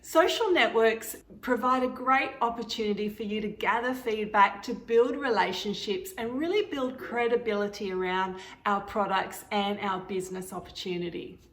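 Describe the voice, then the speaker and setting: A woman's voice: mid-range voice, moderate pace, few pauses, a bit bright. A woman presenting a social media marketing training to a live event audience, explaining tips step by step. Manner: clear explanatory delivery. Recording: roomy echo.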